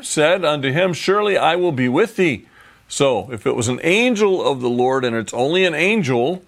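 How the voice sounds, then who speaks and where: A man with a gravelly, mid-pitched voice teaches from the Bible. He reads each passage aloud, then stops to explain it in plain, everyday words. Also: fairly bright tone.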